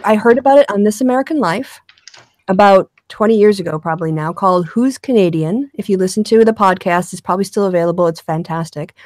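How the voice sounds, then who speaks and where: A woman's voice: medium pitch, a little mellow. A tired woman hosting a casual online chat, talking chattily and often trailing off with a laugh. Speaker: podcast host.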